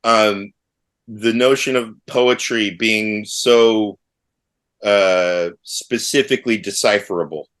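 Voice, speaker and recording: A man's voice: fairly low pitch, steady tone, slow pace, a bit bright. A middle-aged man chatting casually with old friends, rambling and wry, with many restarts. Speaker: podcast co-host.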